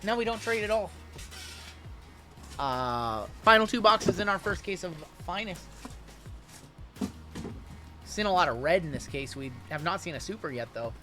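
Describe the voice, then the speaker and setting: A man's voice: sits high, animated, unhurried, long pauses, pushed and bright, soft background music. A man hosting a trading card break livestream, chatting casually and answering viewer questions as he opens packs.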